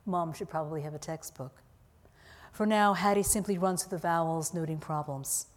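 A woman author reading her own novel aloud in a calm, deliberate manner. Her voice sits low for a woman. It rings with a long reverb off a large hall. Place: university auditorium.

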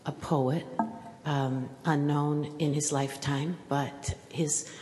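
A woman's voice: low-pitched, steady tone, slow pace, mellow, faint music behind. A woman poet making hesitant, thoughtful opening remarks before reading. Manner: hesitant, thoughtful speech with fillers. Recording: reverberant hall with faint noise.

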